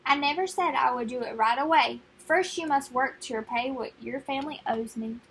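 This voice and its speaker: Rumpelstiltskin, a woman doing a squeaky imp. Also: moderate pace, a bit bright, husky, full character voice. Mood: menacing. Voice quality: high and squeaky. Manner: taunting, demanding. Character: squeaky menacing little male imp.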